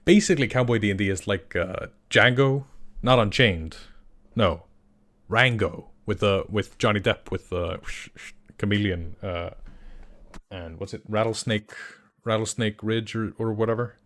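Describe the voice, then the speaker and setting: Excitable rambling man from Iceland. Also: fairly low pitch, measured pace. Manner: rambling and excitable, many restarts. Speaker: game master and channel creator. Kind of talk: casual livestream chat answering questions.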